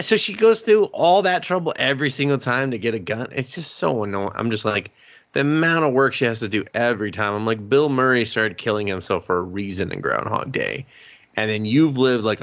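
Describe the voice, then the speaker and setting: A man's voice: medium pitch, fairly bright tone. A man co-hosting a podcast in casual chat, ranting in an exasperated, profane way. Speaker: podcast co-host.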